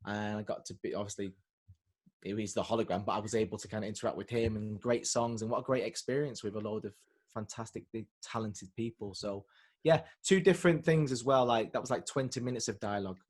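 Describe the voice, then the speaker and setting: A man, a guest chatting casually over a video call and telling animated stories. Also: lowish voice, fast. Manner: chatty, animated storyteller, lots of fillers and restarts. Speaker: guest, singer and actor. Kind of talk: casual interview chat.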